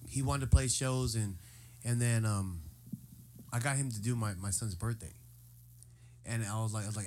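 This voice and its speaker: A man's voice: lowish voice, normal speed, pauses often, a little mellow, slight background noise. A man in casual chat among bandmates, teasing and telling long anecdotes.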